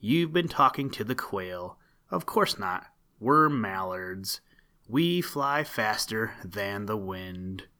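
A man voicing a gruff but good-natured male mallard duck with a hoarse voice in a storybook reading. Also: on the low side, expressive, slow, sharp tone, exaggerated voice.

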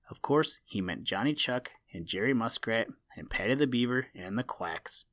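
A man narrating an old-fashioned children's storybook in a steady, measured reading voice. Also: medium pitch. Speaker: audiobook narrator.

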